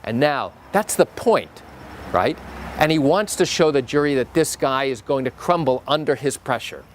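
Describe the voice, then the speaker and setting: A male attorney explains courtroom objections to the camera in a lively, emphatic manner. His voice sits a little high for a man, and he lifts it further whenever he acts out a quote. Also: dry recording. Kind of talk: explanatory legal video talk.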